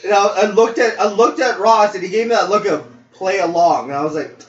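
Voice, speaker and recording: A man's voice: high voice, fairly quick. A young man co-hosting a podcast, telling a story casually, acting out quotes and laughing often. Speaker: podcast co-host. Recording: roomy, distant, dull lo-fi mic with faint noise.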